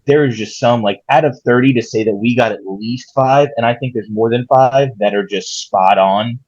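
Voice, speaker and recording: Husky-voiced man musing on a podcast. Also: mid-range voice, normal speed, a little mellow, dry recording. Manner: thoughtful, rambling, reflective. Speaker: podcast co-host. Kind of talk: casual chat. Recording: slightly dull lo-fi mic.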